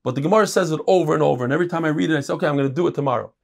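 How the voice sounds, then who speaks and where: Man, casual Talmud teacher, gravelly voice. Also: fairly high pitch. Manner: reads quick Aramaic passages, then explains them in casual English. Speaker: Torah teacher. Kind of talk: Talmud class.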